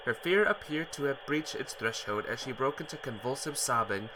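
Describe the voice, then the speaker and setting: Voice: mid-range voice, brisk, pushed and bright, slight background noise. A streamer reading a visual novel aloud, greeting viewers between lines. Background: guitar music.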